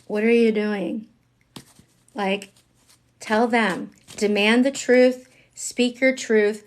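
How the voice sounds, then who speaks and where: A woman gives a relaxed tarot reading on a live stream, chatty, candid and freely profane, full of fillers. She's animated, leaping in pitch and volume from loud bursts down to near whispers, and she takes her time.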